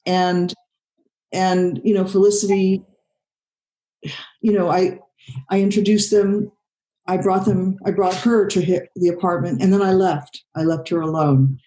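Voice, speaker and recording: A woman's voice: lowish voice, little pitch movement, a little slow, pauses often, dark tone, poor audio. An older woman film director in an interview, talking in a rambling way with many "you know" fillers and restarts. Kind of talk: conversational interview.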